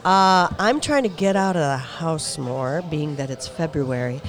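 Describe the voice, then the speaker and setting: A podcast co-host talking in a relaxed, wry way in casual chat. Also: mid-range voice, unhurried.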